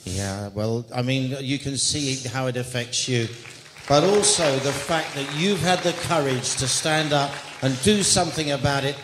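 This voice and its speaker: A man's voice: medium pitch, moderate pace, in a large hall, background noise. A man hosting a live pageant, asking questions and announcing in an encouraging way. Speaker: pageant host.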